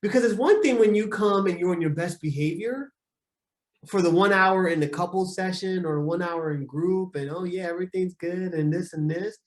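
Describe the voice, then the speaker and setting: A man, a relationship counselor, teaching a group session and repeating key points slowly with frequent "right?" checks. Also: sits high. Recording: roomy echo.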